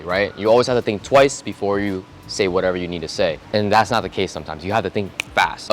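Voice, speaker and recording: A young man talking straight to camera in a casual advice vlog, relaxed and conversational, acting out short example dialogues. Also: on the low side, a little hiss or hum. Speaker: vlogger giving self-improvement tips.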